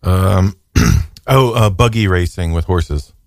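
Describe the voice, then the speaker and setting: A man's voice: low voice, takes it slowly, dry recording, studio quality. A man co-hosting a casual podcast, wry and hesitant with lots of ums. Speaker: podcast co-host.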